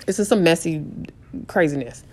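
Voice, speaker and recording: A woman telling a casual storytime vlog, animated and full of restarts, repeating "I was like" as she retells a conversation. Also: low-pitched, normal speed. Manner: frequent restarts and repeated phrases. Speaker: vlogger.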